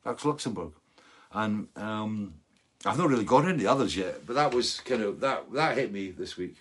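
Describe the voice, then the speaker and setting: A man's voice: fairly low pitch, expressive, moderate pace, a bit bright, slightly rough. A Scottish man in his sixties, a musician hosting a fan Q&A show, chatting casually and rambling with lots of asides. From Scotland. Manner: loose and chatty, full of fillers and asides.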